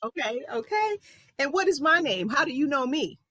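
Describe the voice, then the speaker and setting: A woman's voice: high-pitched, sing-song, moderate pace, bright, forceful tone, no room sound. A woman hosting an interview talk show, chatting casually and asking about her guest's life.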